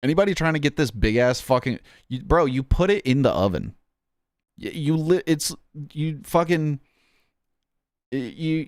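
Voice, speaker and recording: A man's voice: fairly high pitch, no echo, clean studio sound. A man chatting casually on a stream, rambling and swearing in a jokey, offhand way. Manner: rambling, profane, jokey, says "bro".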